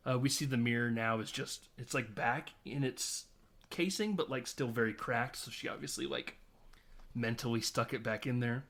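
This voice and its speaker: A man's voice: mid-range voice, moderate pace. Casual man retelling a movie. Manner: animated retelling of scenes, acting out characters' lines. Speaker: podcast co-host. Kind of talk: casual film podcast chat.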